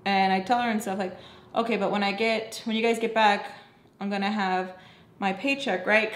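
A woman's voice: medium pitch, fairly bright tone. A young woman vlogger telling a casual story, frank and profane, with lots of fillers. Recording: roomy echo.

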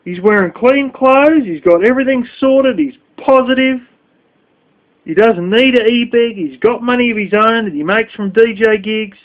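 Man, high voice, scornful swearing rant, dull lo-fi sound. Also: moderate pace. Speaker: vlogger. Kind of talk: angry profane rant. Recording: dull lo-fi recording.

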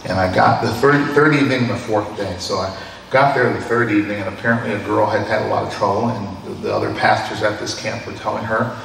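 A man's voice: lowish voice, fairly even intonation, quick pace, creaky, fairly bright tone, slight background noise. A man in his sixties preaching a sermon, telling personal stories in a conversational way and often chuckling. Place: church hall. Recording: echoey hall from a distant mic.

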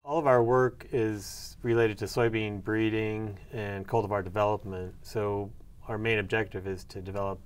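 A man's voice: fairly low pitch, steady tone, normal speed, slight background noise. A middle-aged man answering interview questions about his research, hesitant with many fillers and restarts. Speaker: soybean breeder and agronomy professor.

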